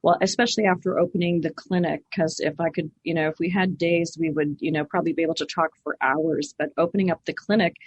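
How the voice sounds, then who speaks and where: A middle-aged Canadian woman, a clinic owner guesting on a podcast, tells stories animatedly and acts out the voices she quotes. Her low, breathy voice moves fast with fairly even intonation and hardly any pauses, and the highs are cut off.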